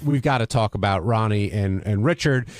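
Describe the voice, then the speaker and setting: A man's voice: fairly low pitch, moderate pace, faint music behind. A man hosting a radio wrap-up, asking probing questions. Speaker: wrap-up show host. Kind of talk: radio interview.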